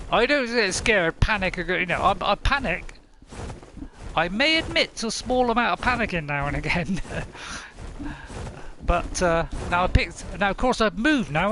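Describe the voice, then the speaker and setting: A man streaming a video game, chatting casually, excitable and laughing often as he talks to himself. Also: high-pitched, slight background noise. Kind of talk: casual gameplay commentary.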